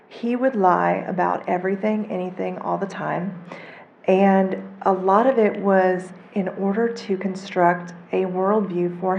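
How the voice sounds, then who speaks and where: Slow-talking gravelly woman in the audience. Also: medium pitch, a little mellow, highs cut off, a little hiss or hum. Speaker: audience member asking a question. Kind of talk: audience question at a panel. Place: convention panel room.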